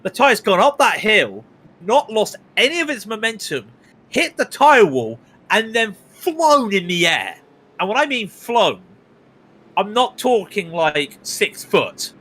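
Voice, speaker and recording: A man from Britain calling a sim race live, chatty and excitable, his voice rising on the big moments. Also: high voice, takes it slowly, slightly rough. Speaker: sim racing commentator. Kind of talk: live esports race commentary.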